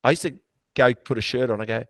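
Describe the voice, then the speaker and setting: Male host, mid-pitched, blunt and sweary, close dry mic. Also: fast, dry recording. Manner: blunt and swearing, animated storytelling. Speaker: podcast host. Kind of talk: casual chat.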